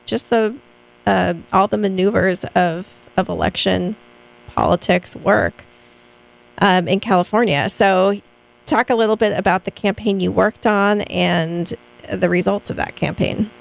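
A woman's voice: medium pitch, steady tone, gravelly, poor audio. A woman hosting a radio talk show, interviewing a guest and searching for words as she frames her questions. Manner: halting, restarts while framing questions. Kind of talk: casual interview.

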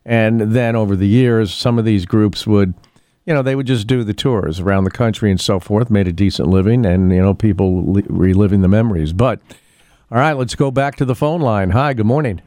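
A man's voice: on the low side, a little fast, warm tone, no echo. A man hosting a casual local radio show, chatting in a rambling way with many fillers and restarts. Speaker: radio host. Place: radio studio.

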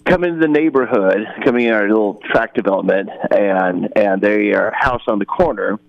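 A man's voice: on the low side, normal speed, creaky. A male caller telling a rambling, exasperated story on a phone-in show, chuckling now and then. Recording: muffled phone line.

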